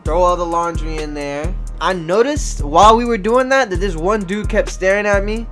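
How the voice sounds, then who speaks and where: A man's voice: high voice, moderate pace, a bit bright, faint music behind. A young man telling a casual storytime, loose and slangy with lots of cursing and fillers. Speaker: vlogger.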